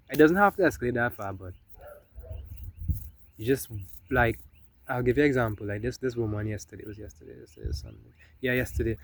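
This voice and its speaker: A man's voice: medium pitch, fairly quick, vocal fry, pauses often, dry recording. Casual man giving spiritual advice. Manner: conversational, frequent "right?" and "you know?" tags. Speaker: spiritual self-help speaker.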